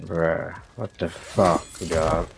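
Slow, deep-voiced, cursing gamer guy. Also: fairly even intonation, gravelly, slight background noise. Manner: frustrated, heavily profane muttering. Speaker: gaming streamer. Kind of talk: casual gameplay commentary.

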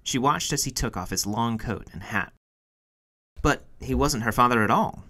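A man's voice: medium pitch, moderate pace, bright, forceful tone. A man reading a children's picture book aloud for a museum storytime, telling it expressively. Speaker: storytime reader.

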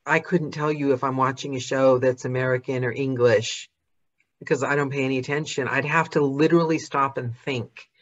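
A woman hosting a casual interview, chatting with quick asides. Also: a bass voice, steady tone, lo-fi sound. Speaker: host.

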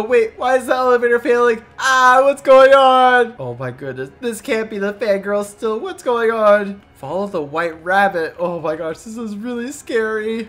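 A woman hosting a game video, narrating her play with excited, dramatic exclamations. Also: a little high. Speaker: game video host and player.

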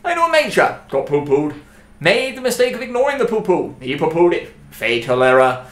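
A man playing a blustering, pompous old British general with a booming delivery. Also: big pitch swings, a little fast, a bit bright. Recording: roomy echo.

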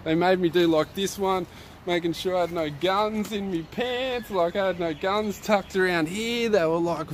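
A young Australian man telling a story to his viewers in a relaxed, slangy way. He laughs often, and his voice jumps up when he gets excited. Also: high voice, normal speed, a little hiss or hum. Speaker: vlogger. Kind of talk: casual storytelling to live viewers.

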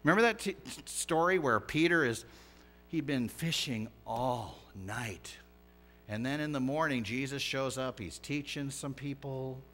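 A pastor delivering a conversational, animated sermon, swinging from hushed asides to loud emphatic lines. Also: male voice, mid-range voice, moderate pace, hardly any pauses, soft background music. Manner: lively, conversational preaching with big swings in loudness.

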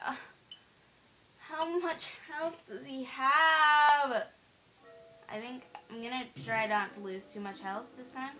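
A woman's voice: on the high side, pushed and bright, rough recording. A woman doing let's play commentary on a horror game at her computer, playful, teasing and giggly. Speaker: gamer playing a horror game. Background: faint game music.

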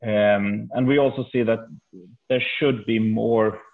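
A Swedish man, a native Swedish speaker, gives a survey presentation in a low, gravelly, husky voice. He halts often and repeats his words. The sound comes over a tinny, phone-like video call. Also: steady tone. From Sweden. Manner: halting, with many repeated words and fillers. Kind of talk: webinar presentation.

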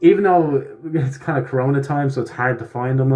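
A man's voice: medium pitch, brisk, hardly any pauses, warm tone, muffled recording. Rambling young man vlogging. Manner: rambling, with laughs and restarts. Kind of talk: casual rambling vlog.

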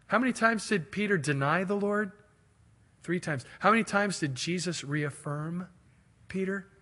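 A male pastor preaching a sermon in an animated way, swinging between loud and quiet. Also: sits high.

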